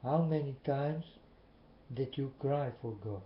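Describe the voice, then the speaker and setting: Man talking very slowly and earnestly straight to camera, muffled echoey recording. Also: medium pitch. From Netherlands. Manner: slow, repetitive, earnest questioning. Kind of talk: slow earnest monologue to viewers. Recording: muffled, echoey room with faint hiss.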